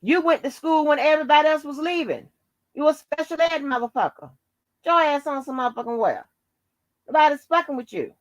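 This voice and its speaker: With lively intonation and a slightly quick pace, a high-voiced woman delivers an angry, profane tirade to her channel's camera, laced with taunts and insults. There's no echo.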